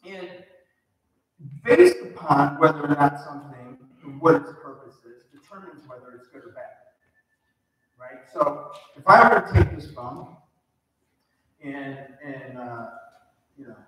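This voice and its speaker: In a church sanctuary, a man with a fairly bright, somewhat high voice preaches conversationally with lively intonation, speaking unhurriedly with long pauses and often questioning the congregation. A distant mic captures the echoey hall.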